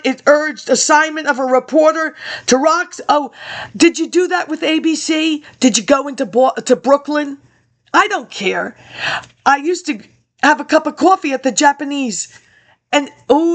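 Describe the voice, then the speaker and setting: A woman with a notably high voice presents in a loose, rambling monologue. She reads from old papers, then breaks off into digressive asides and talks back to absent people. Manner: reads from old documents between tangents. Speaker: webinar presenter. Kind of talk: rambling spoken commentary.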